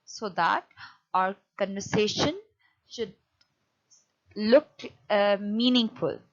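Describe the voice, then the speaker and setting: Slow, hesitant woman teaching a lesson. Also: medium pitch, dull audio. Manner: hesitant, many fillers and restarts while explaining. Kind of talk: classroom lecture on punctuation.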